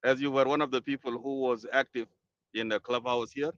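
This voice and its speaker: This is a man moderating an online political discussion, speaking in a measured, hesitant way with many pauses. His voice sits at a middle pitch. The sound is muffled and lo-fi, dry with no room echo. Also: fairly even intonation, fairly bright tone. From South Sudan.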